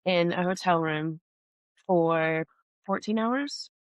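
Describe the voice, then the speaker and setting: A woman with a lowish voice recounting her acting career in a candid interview. She tells stories with lots of "like" fillers and acts out what people said to her. The sound is close and dry. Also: slow pace, clean tone, no room sound. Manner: animated anecdotes with many "like" fillers and acted-out quotes. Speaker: actress and podcast host, interview guest.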